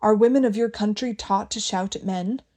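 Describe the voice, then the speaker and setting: A quiet, steady young man in a storybook, as a female narrator reads him. He keeps his voice level and polite, with a mellow, warm tone and a faint dry amusement. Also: medium pitch, normal speed, natural voice.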